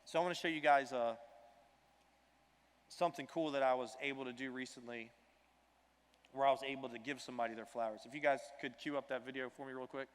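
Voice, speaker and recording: A man's voice: medium pitch, fairly even intonation, quick pace, pauses often. A man giving a motivational talk on stage, emphatic and blunt, sometimes swearing and getting emotional. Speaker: keynote speaker. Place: large hall on stage. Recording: long hall reverb, music behind.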